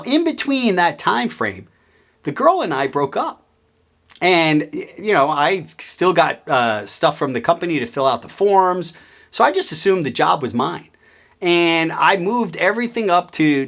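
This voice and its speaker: A man hosting his own show, telling a story about his career in a casual, animated way and acting out the people he quotes. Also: fairly high pitch. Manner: animated, acts out quoted voices. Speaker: host.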